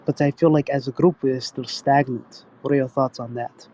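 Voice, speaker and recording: A man's voice: medium pitch, fairly even intonation, moderate pace, mellow. A man from Ukraine calling in, speaking hesitantly with hedges and fillers. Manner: hesitant, hedging. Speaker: caller. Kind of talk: call-in question. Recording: muffled call line.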